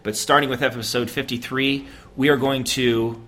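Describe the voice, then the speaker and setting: A man's voice: medium pitch, level tone, moderate pace, pushed and bright. A man from the United States co-hosting a podcast, chatting casually and joking with frequent laughs. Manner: joking, laughs often, rambling. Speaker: podcast co-host.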